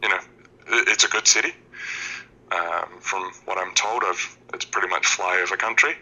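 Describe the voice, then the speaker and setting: A laid-back Australian man in his thirties calls in to chat on a show. His voice sits very low but has a hard, tense edge. He explains things plainly and easily. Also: normal speed, bright, forceful tone, rough recording. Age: 30s. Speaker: caller. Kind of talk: casual call-in chat.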